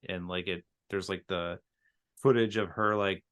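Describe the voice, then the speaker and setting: A man's voice: deep voice, fairly even intonation, measured pace, fairly bright tone, smooth. A man guest on a podcast, an author, chatting casually about a film with many "like" fillers.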